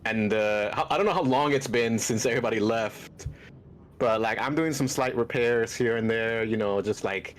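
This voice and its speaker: A man's voice: medium pitch, normal speed, slight background noise. A man playing a tabletop role-playing game, describing his character's actions in a laid-back, rambling way. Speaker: player.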